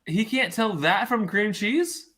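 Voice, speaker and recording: A man co-hosting a whiskey livestream, rambling and cracking deadpan jokes in casual banter. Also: high voice, slow pace. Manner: joking, rambling, deadpan asides.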